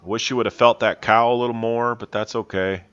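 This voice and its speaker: A man, a horse trainer, calmly talking over his riding footage, explaining in a plainspoken, self-critical way. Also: mid-range voice, fairly quick, clean tone, highs cut off.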